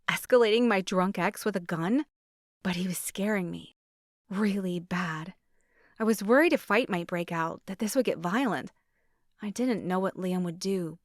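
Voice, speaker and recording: A woman narrating a romance audiobook in a measured, expressive reading voice. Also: medium pitch, no room sound, clean studio sound.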